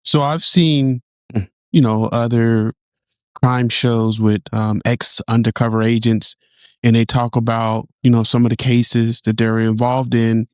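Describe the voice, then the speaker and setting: A man's voice: medium pitch, little pitch movement, a little slow, clear, resonant tone, no echo, clean studio sound. Male podcast host asking thoughtful questions. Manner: thoughtful, searching for words. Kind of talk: interview questions.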